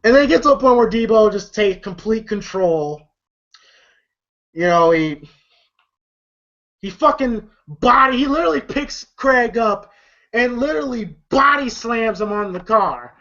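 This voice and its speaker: A man's voice: high-pitched, expressive, a little slow, pauses often, a bit bright. A man casually recapping a movie scene, rambling with lots of fillers, swearing freely and laughing often. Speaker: movie reviewer. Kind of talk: casual commentary. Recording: lo-fi dull audio.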